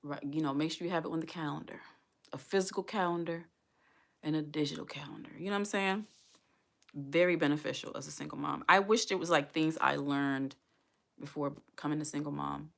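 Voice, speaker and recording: A woman's voice: low-pitched, fairly even intonation, a little fast, gravelly. A woman vlogging as a single mom, talking earnestly and heartfelt to her viewers and repeating herself for emphasis. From United States. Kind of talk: casual livestream talk to viewers.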